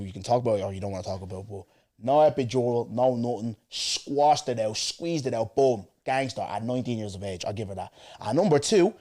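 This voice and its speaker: A man hosting a podcast, telling a story in slangy, animated casual chat. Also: medium pitch. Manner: slangy, animated, with restarts and asides. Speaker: podcast host.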